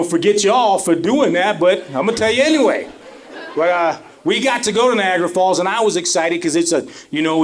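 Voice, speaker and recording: A middle-aged man from Colorado Springs doing a stand-up comedy set on a club stage, telling animated stories full of "you know" fillers. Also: fairly high pitch. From Colorado Springs, USA. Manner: animated storytelling, lots of fillers. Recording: live club with crowd laughter.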